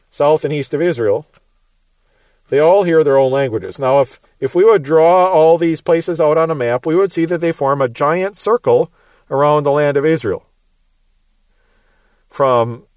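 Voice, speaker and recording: Male bible teacher, midwestern accent, slightly high voice, dry close sound, verse-by-verse explaining. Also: a little mellow, no room sound. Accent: Midwestern American. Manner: explanatory, repeats words, light chuckles.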